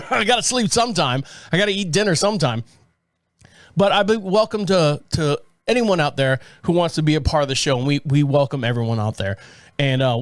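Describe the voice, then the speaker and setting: A man's voice: a little high, dry recording. A man hosting a podcast in a studio, talking in a rambling, chatty way full of asides and jokes. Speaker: podcast host. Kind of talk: casual chat. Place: podcast studio with several cameras.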